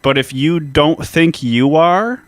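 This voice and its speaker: A man's voice: on the high side, slow, noisy background. A man co-hosting a history podcast, explaining events in a casual way and swearing freely. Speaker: podcast co-host.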